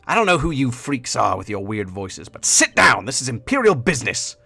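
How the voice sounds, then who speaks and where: A gruff, impatient imperial guard, brusque and dismissive, as a man puts him on. The voice stays close to an ordinary male pitch, a touch louder and slower, with faint music under it. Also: big pitch swings, dry recording, full character voice. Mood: annoyed.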